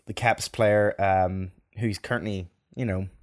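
A man's voice: on the low side, fairly even intonation, measured pace. A man co-hosting a casual sports podcast, talking hesitantly. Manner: hesitant, many fillers and restarts. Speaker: podcast co-host.

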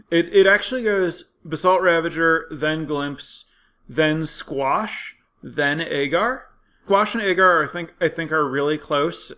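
A man's voice: fairly high pitch, a bit bright. A man giving casual, analytical commentary on card game statistics, thinking aloud with frequent fillers and restarts.

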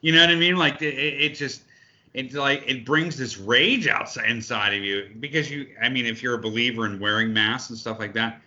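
A man's voice: mid-range voice, brisk, pushed and bright. A man co-hosting a podcast in casual chat, ranting heatedly and swearing often. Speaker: podcast co-host. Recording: dull lo-fi sound.

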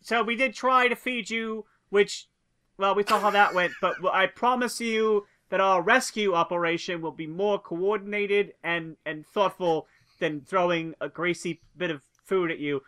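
A woman's voice: mid-range voice, moderate pace, fairly bright tone, voice pushed up, close to an everyday voice. A woman voicing the Doctor in a tabletop game, an eccentric alien who rambles and fusses as she talks. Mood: earnest. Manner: chatty, rambling, fussy.

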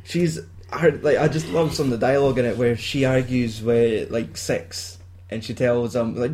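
A man's voice: medium pitch, fairly even intonation, moderate pace, darkish tone. A Scottish man in casual chat, recapping a film with lots of swearing and laughter and acting out bits of its dialogue. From Scotland.

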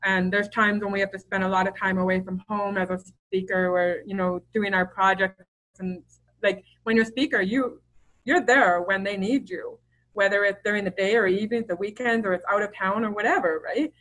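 A woman's voice: medium pitch, fairly even intonation, a little fast, fairly bright tone, poor audio. A middle-aged woman as a podcast guest, talking openly and chattily with lots of fillers and restarts. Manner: open, chatty storyteller with many fillers and restarts. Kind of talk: casual interview conversation.

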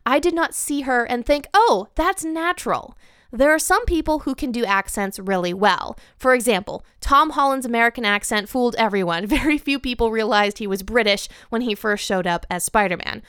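A woman's voice: on the high side, expressive, brisk, hardly any pauses, a bit bright, smooth, no echo, clean studio sound. A woman hosting a podcast, giving a candid, opinionated film review with light laughs. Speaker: podcast host.

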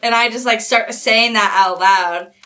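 A woman playing a tabletop game, talking animatedly and flaring up quickly in character. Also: a little high, steady tone, bright, forceful tone. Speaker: player. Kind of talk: tabletop role-play banter.

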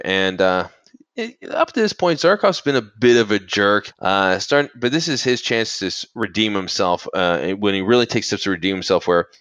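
A man hosting a casual movie podcast, rambling and halting, with many fillers and restarts. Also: lowish voice, fairly bright tone, no room sound. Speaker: podcast host.

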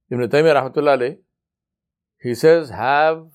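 A man preaching in a storytelling sermon, acting out the voices of the people in his story and dropping low for the lesson. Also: lively intonation, normal speed, darkish tone.

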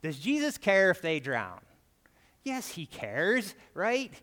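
A man's voice: high-pitched, wildly swooping pitch, slow pace, pushed and bright. Conversational preacher man in echoing church. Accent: American. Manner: conversational, keeps asking "right?". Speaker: guest preacher. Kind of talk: sermon. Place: church sanctuary. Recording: long hall reverb.

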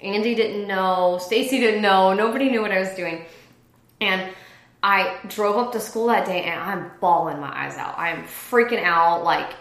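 In an echoey room, a woman with a mid-range voice speaks at normal speed, sharing a personal story in an informal interview. She used to teach and runs a business, and she brings the tale to life by acting out what others said.

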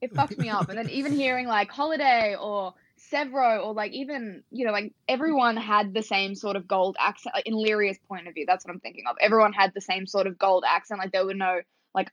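A woman co-hosting a podcast in casual book chat, talking fast and animated, with lots of fillers and some swearing. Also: medium pitch, no room sound. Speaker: podcast co-host.

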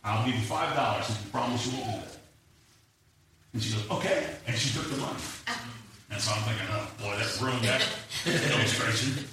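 Speaking on the low side and fairly quickly, though with long pauses, a man delivers a sermon built on personal stories, animatedly voicing the people in them. The recording has the echo of a church sanctuary, a distant mic and faint noise.

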